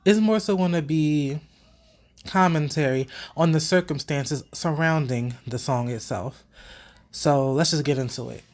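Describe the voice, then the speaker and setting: Young woman vlog host, slightly stuffy, animated and profane, chatting directly to camera. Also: deep voice, a little slow. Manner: animated, profane, talks straight to viewers. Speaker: vlogger host. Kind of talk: casual opinion commentary.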